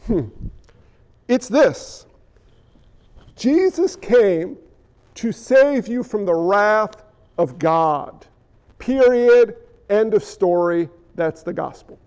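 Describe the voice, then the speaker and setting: A male pastor delivers a sermon with a strikingly high-pitched voice and a slow, deliberate pace. He leans hard on rhetorical questions and moves between forceful declarations and quiet, hushed asides. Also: big pitch swings.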